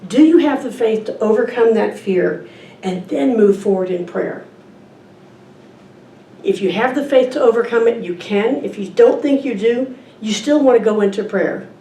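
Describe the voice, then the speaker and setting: A woman's voice: medium pitch, normal speed, long pauses, warm tone. A woman giving an informal talk at a church service, reading from a picture book and asking the audience questions. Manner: conversational, asks the audience questions. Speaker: guest speaker at a church service. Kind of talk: informal sermon with a picture book read aloud. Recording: echoey room, distant mic, faint ambience.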